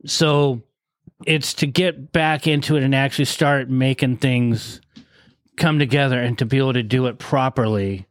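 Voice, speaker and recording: A man's voice: medium pitch, fairly even intonation, normal speed, no room sound, clean studio sound. A middle-aged musician, a man, talking reflectively and rambling in a podcast conversation. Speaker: guest musician. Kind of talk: casual chat.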